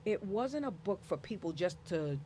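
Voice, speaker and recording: A woman author in an interview, speaking in an animated, emphatic, motivational way and acting out the voices she quotes. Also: on the low side, moderate pace, a little hiss or hum. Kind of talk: casual interview conversation.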